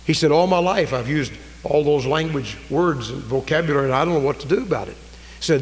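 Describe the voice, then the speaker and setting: A fervent preacher, his voice sitting a little high as he rises to ringing cries and drops to hushed storytelling. He is recorded in a church with a long hall reverb. A faint hum runs beneath. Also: a little fast. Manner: fervent, swings from loud raised cries to low quiet storytelling. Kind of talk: sermon.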